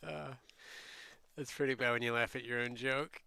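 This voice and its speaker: A man chatting casually while gaming, giggly and joking in a slow drawl. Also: mid-range voice, steady tone, vocal fry, bright, forceful tone.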